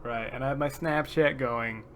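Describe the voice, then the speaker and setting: Male podcast host, casual and excitable, bright tone. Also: mid-range voice, moderate pace, slight background noise. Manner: excitable, animated storyteller.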